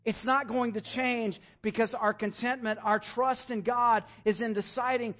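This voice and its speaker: Man, young, pastor, sermon, earnest, emphatic, high-pitched voice, muffled recording. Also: steady tone, normal speed, hardly any pauses. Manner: earnest, rising to emphatic pleading then dropping soft. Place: church sanctuary.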